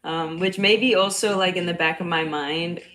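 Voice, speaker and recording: A young woman with a slight Bronx accent who is a cycle coach, chatting casually on a livestream. Her voice is loud and a bit nasal, and she talks bluntly, swears freely and laughs often. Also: lowish voice, steady tone, moderate pace, soft background music, rough recording. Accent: slight Bronx New York.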